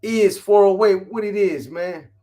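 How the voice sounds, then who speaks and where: Slangy man shouting out live viewers. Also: high-pitched, unhurried. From California. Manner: rambling, shouting out viewers by name; profane, street slang. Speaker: live stream host. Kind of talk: casual live-stream chat.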